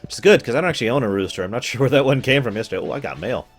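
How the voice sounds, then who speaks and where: A man's voice: mid-range voice, expressive, rapid-fire, breathy edge, soft background music. A man streaming a game, giving casual commentary with dry, wry asides. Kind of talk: casual let's-play commentary.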